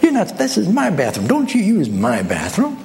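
A man's voice: high-pitched, wildly swooping pitch, normal speed, creaky, darkish tone, a little hiss or hum, voice pushed up, full character voice. A man acting out a rude, grumpy old grandfather who snaps insults at a stranger in a sermon story. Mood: angry. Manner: snapping, insulting, indignant.

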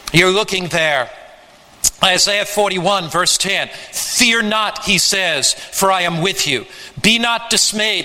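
Bright slow preacher in a reverberant hall. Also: male voice. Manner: slow, emphatic preaching with dramatic pitch swings. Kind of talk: sermon.

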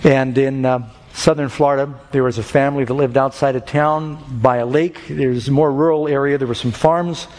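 A man's voice: medium pitch, fairly even intonation, a little fast, hardly any pauses, a little mellow. A man preaching an evangelistic sermon, telling stories and pleading with his listeners. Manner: storytelling, rising to urgent pleading. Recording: reverberant hall with faint music.

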